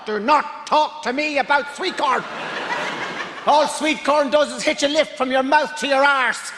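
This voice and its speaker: An Irish comedian delivers a deadpan stand-up rant in a strikingly high voice. His words stretch out for emphasis, and a long reverb and clear background noise from the venue trail behind him. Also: a little slow. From Ireland. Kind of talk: stand-up routine.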